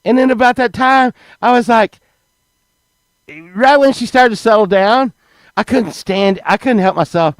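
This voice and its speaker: A man's voice: extremely high pitch, unhurried, dry recording. A man, telling stories in a rambling, casual way to a live chat, restarting words and swearing freely.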